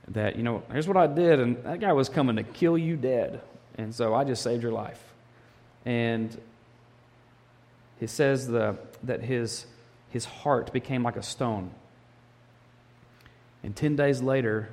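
Man preaching a sermon in a reverberant hall. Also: medium pitch. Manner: animated storytelling, acts out quotes. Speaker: pastor.

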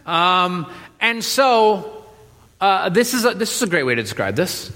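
A man preaching a sermon in a relaxed, joking way, with many fillers and restarts. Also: high-pitched, moderate pace. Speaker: pastor. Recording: reverberant hall.

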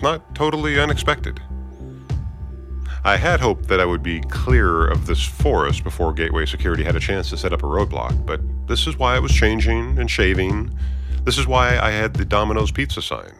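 Male storyteller, very low voice, dry self-mocking asides, faint music under it. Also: animated, fairly quick. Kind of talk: first-person story narration.

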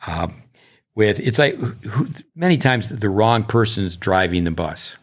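A man's voice: fairly low pitch, lively intonation, a little slow. A middle-aged man, a tennis coach, talking in a rambling, anecdotal way on a casual podcast. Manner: rambling, anecdotal, with bursts of speed.

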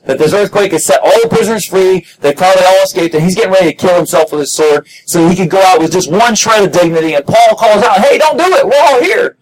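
A man preaching a sermon in a church, emphatic and repetitive, rising to shouted peaks with frequent restarts. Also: sits high, poor audio. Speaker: pastor.

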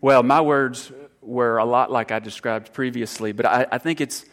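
A man, a church counselor giving an informal sermon talk, earnest and halting, full of fillers and restarts. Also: mid-range voice, fairly even intonation, a bit bright. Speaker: church counselor speaking to congregation. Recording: long hall reverb.

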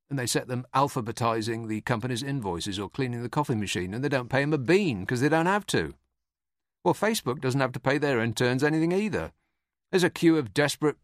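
A man's voice: mid-range voice, dry recording. Dry sardonic man. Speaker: podcast host. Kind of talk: scripted comic monologue.

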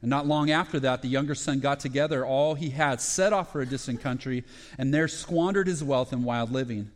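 A man preaching a sermon, retelling parables in short phrases with fillers and restarts and growing excited at the high points. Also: a little fast. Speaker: pastor.

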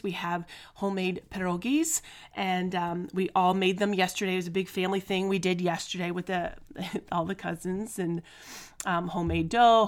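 A woman hosting her own podcast, telling family stories in a chatty way, often laughing and using fillers. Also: lowish voice. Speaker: podcast host. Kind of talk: casual solo podcast storytelling.

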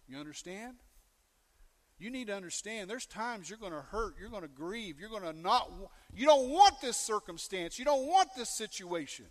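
A male pastor preaching a sermon, animated, often checking in with the congregation with questions. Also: on the high side, in a large hall.

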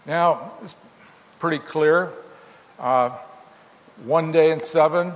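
A man's voice: a little high, slow, pauses often. Man preaching in a reverberant hall. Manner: explains scripture with emphatic, animated reading and occasional chuckles. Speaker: pastor. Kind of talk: sermon.

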